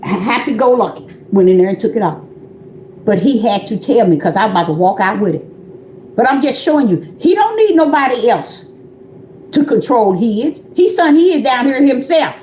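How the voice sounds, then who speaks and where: Preaching on a livestream as a self-styled prophetess, she talks in a chatty, repetitive way and addresses listeners directly. Her fairly high voice has a sing-song lilt and a darkish tone at normal speed, in a roomy space with slight background noise.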